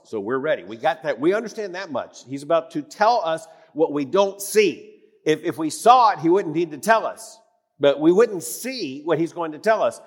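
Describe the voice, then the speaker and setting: A man preaching an emphatic sermon in a church, repeating phrases for weight and swinging from loud declarations to hushed tones. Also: fairly high pitch. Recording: long reverb of a church hall.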